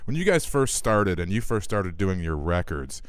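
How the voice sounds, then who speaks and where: A man's voice: sits low, big pitch swings, moderate pace, clear, resonant tone, no echo. A man co-hosting a radio show, asking questions in an eager, conversational way. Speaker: radio co-host. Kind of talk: casual interview chat.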